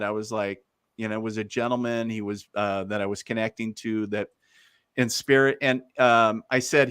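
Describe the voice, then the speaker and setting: A man's voice: medium pitch, a bit bright, no echo, studio quality. A man, a guest medium, telling stories in a casual, rambling way with lots of fillers. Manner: rambling, many fillers, laughs easily. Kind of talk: casual storytelling.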